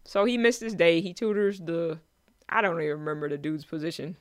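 Joking podcast co-host, dry sound. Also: male voice, on the high side, steady tone, no room sound. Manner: joking, slangy, does quick quoted voices. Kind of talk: casual chat. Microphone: remote call.

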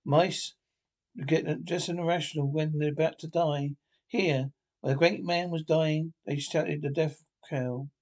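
A man speaking in a 1960s British TV drama with crisp stage diction, theatrical and mocking. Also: a little high, steady tone, a little slow, darkish tone. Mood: taunting. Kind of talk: TV drama dialogue audio.

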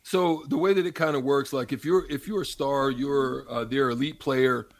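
A man co-hosting a sports radio show, a former player telling stories in an animated, laughing way. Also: mid-range voice, normal speed, very noisy. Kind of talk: casual sports radio chat.

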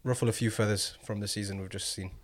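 A man's voice: fairly low pitch, steady tone. A man hosting a casual football podcast, quizzing his co-hosts and drawing out his questions. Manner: quizzing co-hosts, teasing, drawn-out prompts. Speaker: podcast host.

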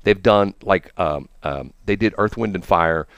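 A man's voice: low voice, measured pace, a bit bright, clean tone, no room sound. A man in casual radio chat, telling rambling, enthusiastic stories with many restarts. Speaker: radio host.

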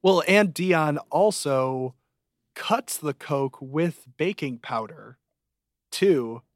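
A man's voice: on the high side, animated, drawn-out words, no echo, clean studio sound. A man co-hosting a podcast, chatting casually and jokingly about a TV show, his voice jumping up when he gets emphatic. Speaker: podcast co-host. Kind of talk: casual chat reviewing a TV show.

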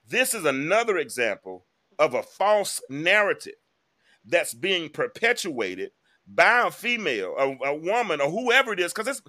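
A man's voice: fairly high pitch, very animated, moderate pace, sharp tone. A man hosting a live online talk show, giving casual, emphatic commentary and speaking straight to his viewers. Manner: chatty, emphatic, addresses viewers directly.

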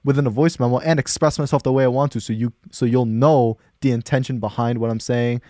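Fast-talking young man podcast host. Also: mid-range voice, no room sound, studio quality. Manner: fast, animated, addresses listeners as guys. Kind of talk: casual podcast chat.

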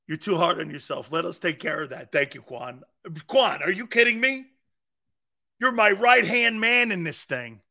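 A sports radio host, short on sleep and edgy, rambles brashly and profanely while talking straight to his listeners. His voice is a little high, pushed and bright.

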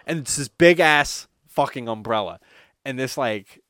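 A man's voice: medium pitch, animated, unhurried, fairly bright tone, dry recording, clean studio sound. A man co-hosting a podcast, telling a rambling story in casual chat, swearing often and filling with "like". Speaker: podcast co-host.

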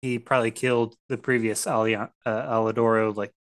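A man co-hosting a podcast, in casual chat about a video game and telling it in a lively, animated way. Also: lowish voice, fairly quick, clean tone. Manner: animated storytelling, often acting out what game characters say. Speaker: podcast co-host.

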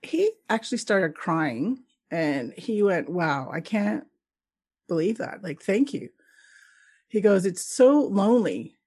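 A middle-aged woman from Canada, a guest telling travel stories in a casual interview, lively and laughing often as she acts out the people she met. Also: medium pitch, slow, slightly rough.

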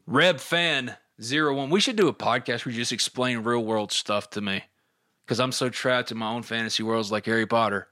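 A man's voice: mid-range voice, moderate pace, bright, forceful tone. A middle-aged man hosting a podcast, chatting casually and reading listener questions aloud.

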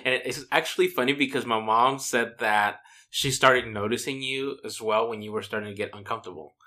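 A man with a mid-range voice, steady tone, and sharp edge talks fairly quickly. In casual chat, he's the conversation partner asking questions, laughing often and speaking in a reflective, chatty way.

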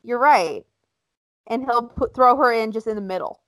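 A woman co-hosting a casual chat, blunt and animated, acting out quotes as she talks. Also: on the high side, brisk, dry recording, low-quality recording. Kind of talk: casual chat about wrestling.

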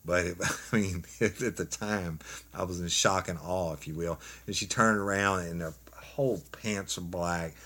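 A former police officer with a drawl spins a story in a relaxed, folksy way. His voice sits fairly low, and he keeps things animated with laughter throughout. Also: a little slow, slightly rough. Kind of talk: casual storytelling chat.

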